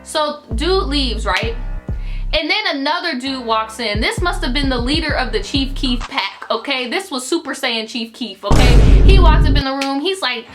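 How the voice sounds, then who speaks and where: A young adult woman telling a story in an animated, profane, filler-heavy style. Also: high-pitched, moderate pace. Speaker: YouTuber. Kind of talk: casual storytime vlog. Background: music.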